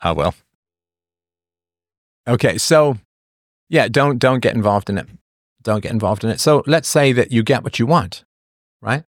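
Here a middle-aged livestream host chats casually with viewers, laughing a lot, giving blunt advice and drifting from the subject. His mid-range voice has lively intonation and a measured pace broken by long pauses. The audio is clean studio sound without echo.

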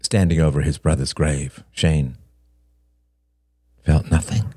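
Very deep, husky male narrator. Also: steady tone, mellow, dry recording, clean studio sound. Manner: slow, solemn, measured. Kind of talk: storybook reading.

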